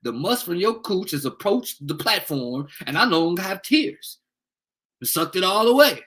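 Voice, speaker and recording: A man's voice: high-pitched, big pitch swings, moderate pace, a bit bright. A young man on a heated livestream rant, angry and profane, taunting commenters. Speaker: livestream host.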